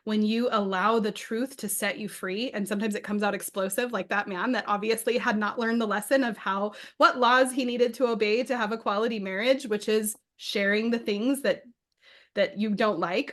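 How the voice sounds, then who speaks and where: A woman guest in a casual conversation, speaking in an earnest, reflective way about her own experience. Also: medium pitch.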